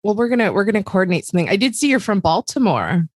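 A middle-aged woman co-hosts a podcast, chatting in a joking, excitable way. Her voice sits at a middle pitch. The sound is close and dry. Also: very fast, dry recording. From not from Philadelphia. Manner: excitable, joking, self-deprecating. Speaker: podcast co-host. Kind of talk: casual chat.

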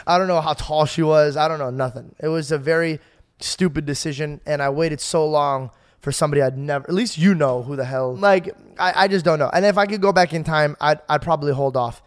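Young guy on a podcast, bit high voice, rambling animated storyteller. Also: a little fast, clean tone. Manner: animated, rambling, laughs a lot. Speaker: podcast co-host. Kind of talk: casual chat, storytelling.

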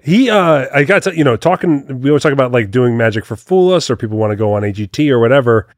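A man co-hosting a podcast in casual chat, animated and laughing a lot. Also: mid-range voice, fast talker, no room sound, studio quality. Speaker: podcast co-host.

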